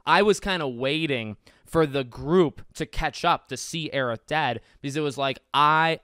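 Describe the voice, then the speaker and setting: A young man chats about a game on his podcast. His voice sits a touch high, smooth and clear, recorded dry and close. He talks with animated emphasis and restarts his sentences. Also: dry recording. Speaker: podcast host. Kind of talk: casual video game discussion.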